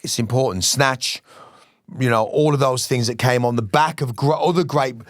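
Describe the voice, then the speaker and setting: A middle-aged man talks in a loose, rambling, passionate way, swearing freely. His voice sits at an ordinary male pitch. The sound is dry and close, with no room around it. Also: moderate pace, dry recording. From West Midlands, England. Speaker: musician guest. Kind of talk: casual interview chat.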